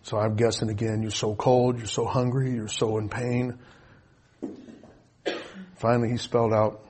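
A middle-aged man preaching a sermon, telling a personal story with deep emotion, swinging between loud and hushed. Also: flat delivery, moderate pace, long pauses, slight background noise.

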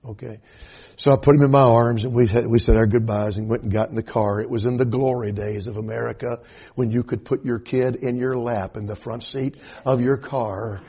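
An older man with a Southern US accent preaches in a relaxed, folksy storytelling manner. His voice is mellow, dark and a little husky, and he keeps stopping to say amen. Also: medium pitch. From Atlanta area, US South. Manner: folksy storytelling, punctuated with amens. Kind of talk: sermon.

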